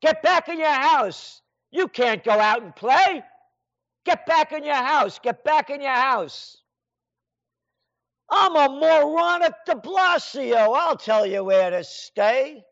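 Sneery high rich-kid governor guy bossing everyone, muffled lo-fi sound, a man putting it on. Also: expressive, slow pace, gravelly, fairly bright tone, heavily acted. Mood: smug bossy. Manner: bossy, sneering, sing-song taunting. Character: smug spoiled rich-boy male governor. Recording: dull lo-fi sound.

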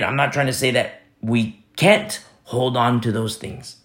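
A man's voice: medium pitch, normal speed, hardly any pauses, a bit bright. A man preaching a sermon, stressing points by repeating phrases and telling stories with casual asides. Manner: storytelling asides with fillers.

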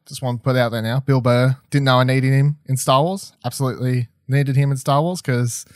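A man's voice: mid-range voice, steady tone, brisk, dry recording, clean studio sound. A young man chatting casually as a podcast co-host, enthusiastic and rambling, with plenty of fillers and restarts. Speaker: podcast co-host reviewing a TV episode. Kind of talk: casual chat.

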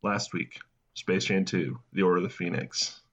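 A man co-hosting a casual comedy podcast, talking in a dry, deadpan joking way. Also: sits low, moderate pace. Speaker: podcast co-host. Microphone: headset mic. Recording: dull lo-fi sound.

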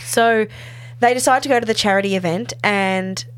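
A woman co-hosting a podcast, talking through a TV episode in relaxed, casual chat. She slips into the characters' voices when she quotes them, and her voice sits at an ordinary middle pitch. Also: normal speed. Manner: animated retelling, acting out quoted lines. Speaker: podcast co-host recapping a TV episode.

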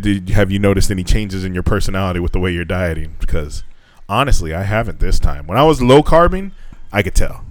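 A man co-hosting a casual podcast chat, rambling and swearing a lot, his voice jumping up when he gets worked up. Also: no room sound. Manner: heavy swearing, rambling with restarts; animated, voice jumps high when telling stories. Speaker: podcast co-host. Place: living in Japan.

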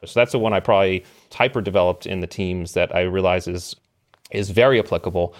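A middle-aged man telling an animated story as a podcast guest, with emphatic delivery and ready laughter. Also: fairly low pitch. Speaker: podcast guest, former special operations member. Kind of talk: storytelling in casual conversation.

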